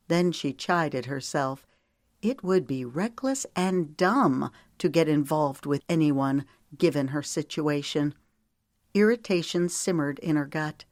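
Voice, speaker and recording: A woman narrating an audiobook in measured, steady storytelling. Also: sits low, no echo, studio quality. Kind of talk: scripted narration.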